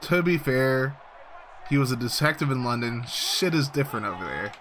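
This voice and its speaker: A man's voice: mid-range voice, animated, normal speed, fairly bright tone, a little hiss or hum. A young man streaming a football video game, chatting bluntly and profanely with lots of fillers. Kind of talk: casual live-stream chat and game reactions.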